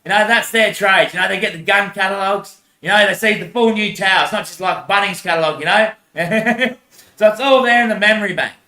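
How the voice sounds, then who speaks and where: A man's voice: high-pitched, a little fast, pushed and bright, reverberant. A man in a rambling monologue, repeating himself, swearing and laughing often.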